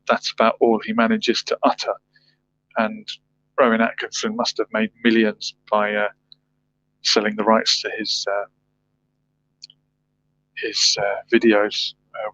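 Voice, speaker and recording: A man's voice: fairly low pitch, little pitch movement, measured pace, pauses often, a bit bright, no room sound. A man hosting a livestream, chatting casually, reading viewer comments and musing aloud with rhetorical questions. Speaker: livestream host. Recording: dull lo-fi dry sound.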